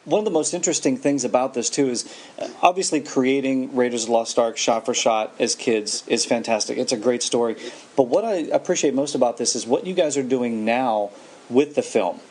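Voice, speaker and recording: A man hosting a podcast, asking his guest questions in a measured, friendly way. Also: medium pitch, a little mellow. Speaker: podcast host. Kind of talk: interview questions, casual.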